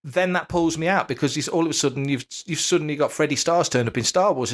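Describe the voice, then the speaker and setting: A man's voice: a little high, lively intonation, fast, hardly any pauses. A man co-hosting a casual podcast chat, emphatic and fond of rhetorical questions. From United Kingdom. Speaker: podcast co-host.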